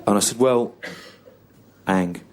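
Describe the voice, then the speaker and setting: A low-voiced English man in his thirties doing stand-up. He drags out his story in a slow, halting deadpan, circling back over the same lines. The recording carries heavy background noise. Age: 30s. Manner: slow, halting deadpan delivery with long pauses and repetition. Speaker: stand-up comedian. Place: comedy venue on stage with audience laughter.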